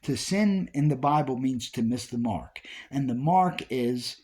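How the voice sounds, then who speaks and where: A man's voice: medium pitch, lively intonation, unhurried, darkish tone. A man giving an informal Bible study talk, repeating key phrases with emphasis as he preaches. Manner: repetitive, emphatic preaching with restarts.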